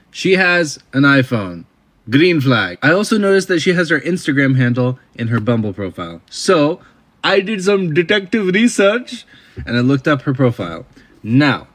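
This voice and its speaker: A young man telling a comic dating story with deadpan, wry asides. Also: mid-range voice, moderate pace.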